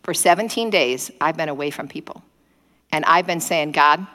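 A woman preaching a sermon, telling stories in an animated way and acting out prayers in quoted voices. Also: low voice, moderate pace, big-room sound. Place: indoor gathering space.

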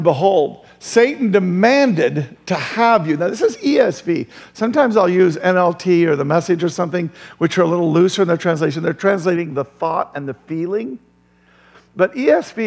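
High gravelly pastor preaching. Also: male voice, in a large hall. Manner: animated, asks the crowd questions, chuckles often. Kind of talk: sermon. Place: church.

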